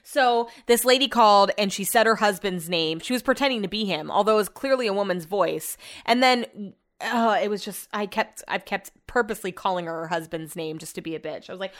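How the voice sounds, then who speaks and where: A woman's voice: mid-range voice, brisk, a bit bright. Young woman, casual vlogger, chatty and exasperated, mid-range voice. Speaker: vlogger and radio host. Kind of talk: casual storytelling vlog.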